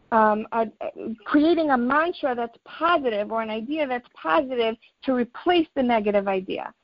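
A woman with a high voice teaches a religious lesson in an earnest, encouraging way, weaving in personal anecdotes. The recording is dry and a bit dull, with a slightly lo-fi sound. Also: dry recording. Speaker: teacher of a weekly religious class.

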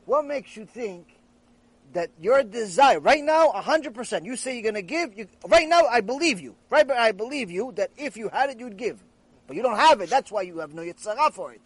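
A man, a rabbi, teaching a Torah ethics lecture, telling jokes in an animated storytelling way. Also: high-pitched, a little fast, breathy edge, dry recording.

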